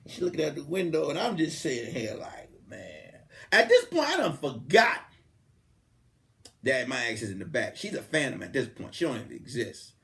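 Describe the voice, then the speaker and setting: A young man, a comedian hosting a podcast, telling a comic story and acting out the people in it, swinging from loud outbursts to hushed asides. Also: medium pitch, normal speed, creaky. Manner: animated, swings from loud to hushed, acts out quotes.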